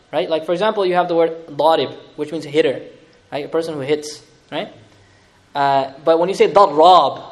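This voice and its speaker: Lecturing on scripture as an Islamic teacher, this man speaks on the high side, animated and dramatic in his retellings, with laughing asides along the way.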